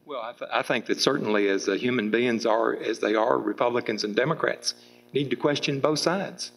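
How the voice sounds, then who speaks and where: A man's voice: mid-range voice, brisk, creaky, crowd noise, low-quality recording. A middle-aged man answering at a public political debate, rambling with restarts and fillers. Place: public meeting room with audience.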